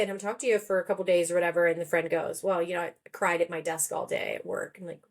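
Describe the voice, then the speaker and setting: A woman in her forties with a slightly low voice tells her story as a podcast guest. She talks in a relaxed, chatty way. She slips into quoted voices as she goes. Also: quick pace, hardly any pauses. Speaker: guest, therapist and author. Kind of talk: conversational podcast interview.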